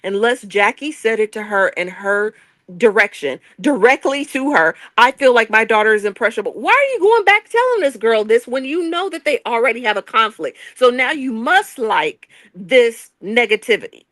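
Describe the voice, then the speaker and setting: A woman hosting a casual reality TV recap chat, animated and repeating words as she gets worked up. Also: on the high side, normal speed, dry recording. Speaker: podcast host.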